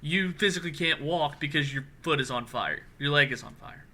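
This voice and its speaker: Bright-voiced laughing podcast host man. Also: fairly high pitch, a little fast, a little hiss or hum. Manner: laughing often, reading out matchups. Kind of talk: casual podcast banter.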